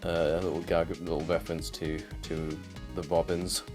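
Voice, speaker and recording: This is a podcast co-host with a low-sitting, fairly quick voice and little pitch movement, talking over music. He recaps a cartoon episode casually and ramblingly, with plenty of fillers, occasional swearing and laughter as he retells scenes.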